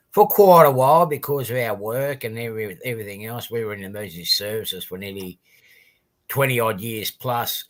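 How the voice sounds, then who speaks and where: A man's voice: mid-range voice, fairly bright tone. Chatty middle-aged Australian man. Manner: rambling, chatty greetings to viewers with many fillers. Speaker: livestream host. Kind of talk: casual livestream chat.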